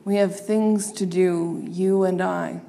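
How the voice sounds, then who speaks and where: A tender, coaxing old man who cares for animals, voiced by a woman storyteller. He talks slowly and softly in a storybook reading, and his words carry a long reverb. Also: lowish voice, steady tone, creaky. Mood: gentle coaxing. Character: gentle kindly old man caring for animals.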